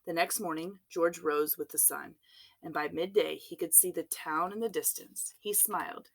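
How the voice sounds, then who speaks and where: A woman reading a children's storybook aloud in an expressive, unhurried way. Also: on the low side, vocal fry.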